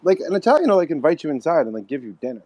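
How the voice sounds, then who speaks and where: A man hosting a loose podcast conversation, talking quickly and stacking up fillers as he rambles from one thought to the next. His voice sits a little high for a man. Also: sing-song, muffled recording. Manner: fast, rambling, lots of fillers. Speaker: podcast host. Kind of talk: casual chat.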